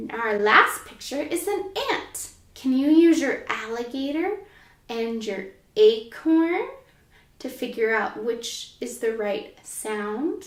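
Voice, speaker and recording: Slow, high-voiced teacher in an echoey room. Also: female voice, expressive. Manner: slow, sing-song, encouraging. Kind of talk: children's phonics lesson. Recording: echoey room, mic at a distance.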